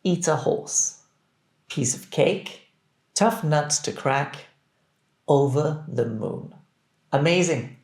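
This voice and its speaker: A man teaching English, reading phrases deliberately and clearly so that learners can repeat them. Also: fairly high pitch, a little mellow. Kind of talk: scripted language drill. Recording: roomy echo.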